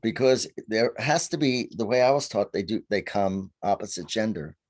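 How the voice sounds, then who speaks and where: Man, low voice, animated storyteller, acts out quotes, video call. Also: moderate pace. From Virginia, USA. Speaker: guest, faery seer. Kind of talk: storytelling in a conversation.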